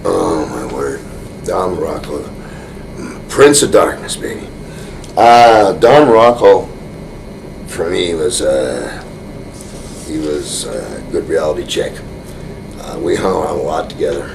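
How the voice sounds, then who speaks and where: A man as an interview guest, telling a rambling anecdote full of restarts, often chuckling and getting animated. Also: extremely low pitch, slow, vocal fry, long pauses, background noise.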